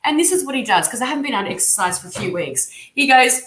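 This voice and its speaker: A woman's voice: sits high, expressive, racing, fairly bright tone. Effusive Australian woman reading tarot live. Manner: effusive, encouraging. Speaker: tarot reader. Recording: echoey room sound.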